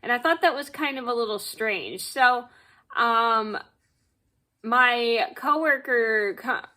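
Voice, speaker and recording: A woman's voice: fairly high pitch, slow pace, sharp tone. A young woman telling a rambling, repetitive work story as a casual storytime vlog at home, padding it with "blah, blah.".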